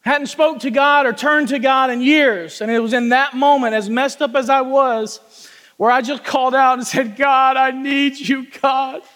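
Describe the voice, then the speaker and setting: A man preaching a testimony sermon in a church, talking with passion and folksy asides, and shouting at the peaks. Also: very high voice, fairly even intonation, moderate pace, big-room sound. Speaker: pastor. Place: church sanctuary with congregation.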